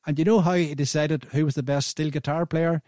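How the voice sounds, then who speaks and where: A man's voice: on the high side, fairly even intonation, a little fast, a little mellow, dry recording, clean studio sound. A man in his seventies with an Irish accent, hosting a radio show and telling a rambling, anecdotal story with frequent restarts. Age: 70s. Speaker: radio host.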